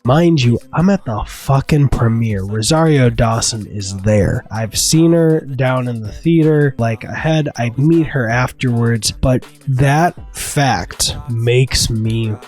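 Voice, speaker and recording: Man, movie vlogger, casual diary talk, rambling, candid, middle-pitched voice. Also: takes it slowly, hardly any pauses, darkish tone, faint music behind. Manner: candid, rambling, swears freely.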